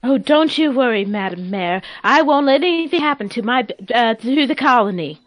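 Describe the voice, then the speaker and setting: A woman's voice: on the high side, lively intonation, moderate pace, no echo, lightly acted. A woman voicing an eager, loyal colonist who reassures the mayor.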